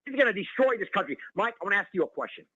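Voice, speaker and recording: A male caller on a talk radio show, ranting excitedly and calling the host by name over and over. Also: sits high, racing, breathy edge, dull audio. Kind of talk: heated call-in rant.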